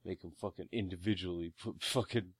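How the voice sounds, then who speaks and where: A man co-hosting a late-night podcast, chiming in with low-key, deadpan remarks, set a little back from the mic. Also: a little fast, slightly rough, no room sound. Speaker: podcast co-host.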